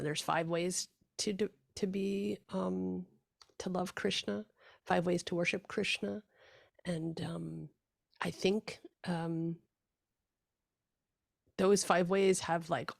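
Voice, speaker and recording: A woman's voice: lowish voice, gravelly, no room sound, studio quality. A woman podcast host who affirms her guest and talks with many fillers and restarts. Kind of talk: casual interview.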